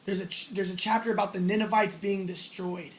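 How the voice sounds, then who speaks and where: A man's voice: sits high, fairly even intonation, a little fast, poor audio. A man giving a casual spoken lecture on religion, rambling as he explains and acting out the lines he quotes.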